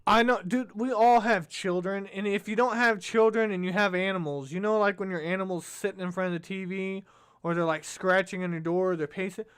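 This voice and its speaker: A man giving reaction commentary in a sarcastic, mocking tone. His voice is smooth and clear, sitting a little higher than most men's. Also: fairly even intonation, a little fast, a bit bright.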